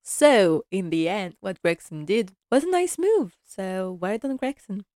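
A woman's voice: mid-range voice, animated, measured pace, darkish tone, no room sound, clean studio sound. A woman chatting casually through an episode recap, laughing often and acting out the characters' lines. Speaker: series recap vlogger.

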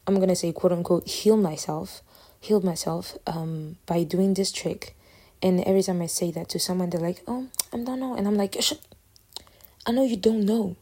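Woman, podcast host, husky and mellow tone, casual and rambling, reflective. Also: lowish voice. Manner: rambling, filler-heavy, self-correcting; candid and reflective. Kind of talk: casual solo podcast talk.

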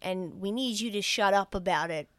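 A woman's voice: medium pitch, normal speed, no echo. A woman hosting a podcast, casually recapping a movie plot in a chatty, profane way with acted-out dialogue. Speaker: podcast host.

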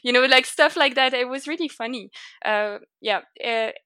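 Bright-voiced French woman, chatty. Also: sits high, normal speed, dry recording. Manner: chatty, laughs often, many fillers. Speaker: guest. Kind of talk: casual interview.

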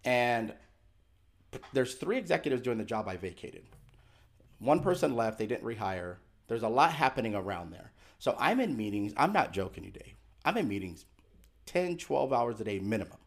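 A man's voice: mid-range voice, very animated, normal speed. A middle-aged man, a podcast guest, telling a personal story in an earnest, emphatic and candid way. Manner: earnest and emphatic, acts out remembered dialogue; candid and confessional.

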